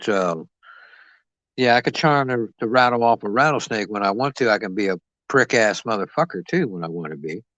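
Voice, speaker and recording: Low-voiced guy rambling and cussing on a boxing live stream, dry close mic. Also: lively intonation, fairly quick, a bit bright, dry recording, muffled recording. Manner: rambling, boastful, swearing freely, talks to chat. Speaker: boxing livestream stand-in host.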